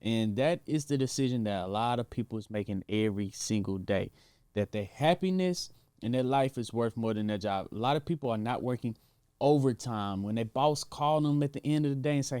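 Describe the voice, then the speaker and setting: A male host delivering casual commentary at a middle pitch. His talk is slangy and emphatic, and the sound is dry and close. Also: a little fast, warm tone, clean tone, no echo.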